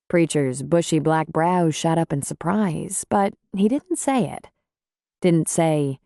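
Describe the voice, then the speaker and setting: A woman narrating a romance audiobook in a measured storytelling voice. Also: low voice, lively intonation, vocal fry, warm tone, no echo, studio quality. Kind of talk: scripted narration.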